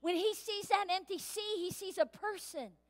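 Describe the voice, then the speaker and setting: A woman pastor preaching a sermon in a church, lively and playful, acting out voices as she goes. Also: very high-pitched, normal speed. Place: church sanctuary. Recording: reverberant church hall.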